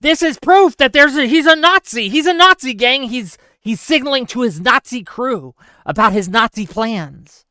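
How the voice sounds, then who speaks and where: A man putting on a shrill, hysterical voice as a caricature of an outraged leftist poster. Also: lively intonation, normal speed, bright, forceful tone, smooth, no room sound, heavily acted.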